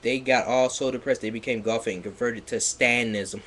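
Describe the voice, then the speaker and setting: A man on a livestream reading fan fiction aloud in a mocking dramatic way, sarcastic, with loud outbursts and laughter, sounding a bit stuffy. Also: medium pitch, fairly even intonation, moderate pace, husky. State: slightly stuffy.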